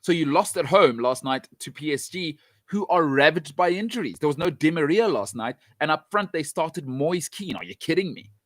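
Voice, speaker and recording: Talking directly to fans, this man offers forceful, no-nonsense football takes and hammers each point through repetition. His voice is on the high side and animated, at normal speed, with no echo in the audio.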